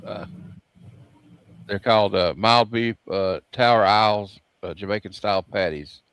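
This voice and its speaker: A man's voice: lowish voice, unhurried, a bit bright, smooth, no room sound. Easygoing man hosting a casual chat. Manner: easygoing, narrates what is on screen. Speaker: host. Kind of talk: casual chat while showing videos.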